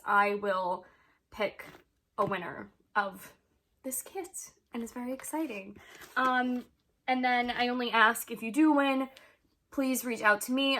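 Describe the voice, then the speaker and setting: A woman's voice: a little high, a bit bright. A young woman chatting casually to her camera as a vlogger, rambling with many ums and frequent laughs.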